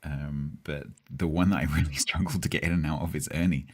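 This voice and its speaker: A man's voice: a bass voice, steady tone, a little fast, husky. A man with a Southeast English accent, chatting casually with his viewers as a game streamer, rambling with hesitations. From Southeast England.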